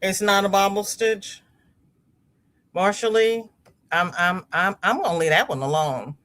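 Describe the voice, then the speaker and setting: A woman's voice: on the low side, expressive, moderate pace, a bit bright. A woman hosting a crochet livestream, chatting casually as she reads viewer comments aloud, laughing often and repeating words as she goes. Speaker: livestream host. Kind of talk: casual live chat reading comments.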